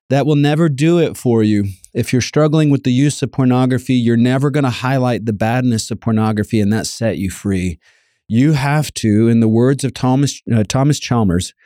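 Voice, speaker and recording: A man's voice: mid-range voice, mellow, no echo, clean studio sound. A man preaching a sermon, earnest and emphatic, repeating key lines and reading scripture aloud.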